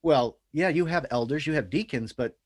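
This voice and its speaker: A man telling stories in a casual podcast chat, animated and earnest. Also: fairly high pitch, moderate pace, dry recording.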